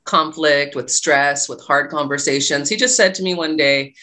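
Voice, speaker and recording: A woman's voice: low voice, normal speed, bright, forceful tone. A middle-aged woman, a guest telling a personal story in a casual interview, acting out the dialogue as she goes. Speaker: guest, love and life coach.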